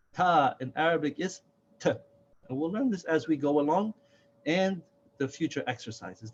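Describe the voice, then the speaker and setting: A man teaching a slow, careful alphabet lesson, patiently repeating each letter's name and sound. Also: on the high side, slight background noise. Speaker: Quran reading teacher. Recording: dull, lo-fi sound.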